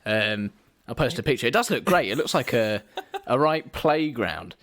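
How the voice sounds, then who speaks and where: A man co-hosting a podcast in casual chat, lively and quick to laugh. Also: mid-range voice. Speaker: podcast co-host.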